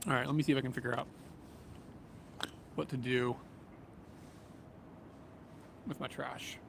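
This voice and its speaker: With a creaky, medium-pitched voice and a slightly quick pace, a man chats casually on a livestream while walking a city street by the train tracks. He reads viewer comments in a loose, rambling way, chuckling often, as his small camera mic picks up traffic and trains.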